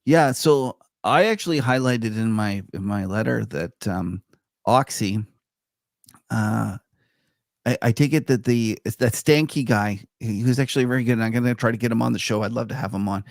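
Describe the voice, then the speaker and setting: Gravelly man chatting loosely on a podcast. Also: mid-range voice, moderate pace, dry recording, clean studio sound. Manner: loose, filler-heavy talk, laughs easily. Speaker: podcast co-host. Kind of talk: casual market chat.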